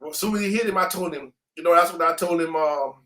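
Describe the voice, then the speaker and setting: He's a fast talker: a man with a high voice telling his story casually during an interview. Slangy and animated, he voices the sound effects himself.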